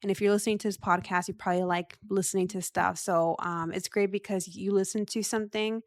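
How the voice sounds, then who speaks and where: A woman's voice: mid-range voice, steady tone, fairly quick, dry recording. A woman in her thirties hosting a podcast in a casual, rambling way, laughing often. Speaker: podcast host.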